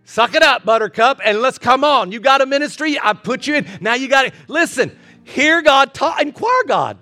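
A man preaching a sermon as pastor, building with repeated phrases and ending soft in prayer. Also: very high-pitched, lively intonation, moderate pace, soft background music.

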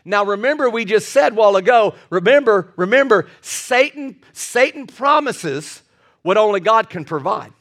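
A male pastor preaching a sermon, telling a Bible story with animated, acted-out quotes. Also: high-pitched, moderate pace.

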